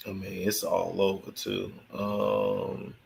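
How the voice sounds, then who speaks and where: A man's voice: sits low, completely flat delivery, slow, creaky, darkish tone, a little hiss or hum. A man hosting casual gossip commentary, chatting to his viewers and laughing often. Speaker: celebrity gossip host.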